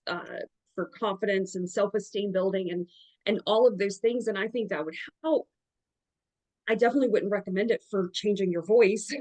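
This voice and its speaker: A woman with a Southern Alabama accent, a therapist giving encouraging advice on a video call and repeating her points with emphasis. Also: mid-range voice. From Alabama, USA. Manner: warm encouraging, emphatic repetitions. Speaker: therapist hosting a group session.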